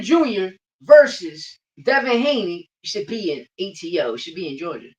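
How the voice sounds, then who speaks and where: A boxing podcast host with a high, lively voice rants casually at a moderate pace with hardly any pauses, throwing out brash, profane trash talk and repeating lines for emphasis. The livestreamed podcast is captured on a distant, dull lo-fi mic.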